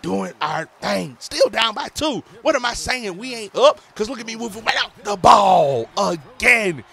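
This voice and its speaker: An excitable man calls his own game in hype-filled slang. His high voice swings widely in pitch and has a bright, sharp edge. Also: a little slow, vocal fry. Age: adult, a parent. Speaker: gaming YouTuber. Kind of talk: let's play commentary.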